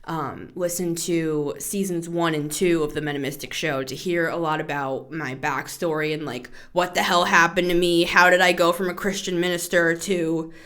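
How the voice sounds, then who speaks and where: A woman in her thirties hosting a tarot podcast, talking in a casual, chatty way, animated, laughing and swearing freely. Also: on the low side, normal speed, few pauses. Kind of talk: casual spoken tarot reading.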